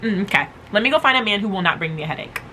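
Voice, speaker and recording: A woman's voice: mid-range voice, animated, rapid-fire, sharp tone, slight background noise, poor audio. A woman hosting a motivational podcast, talking casually and emphatically, repeating phrases to drive her point home. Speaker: podcast host.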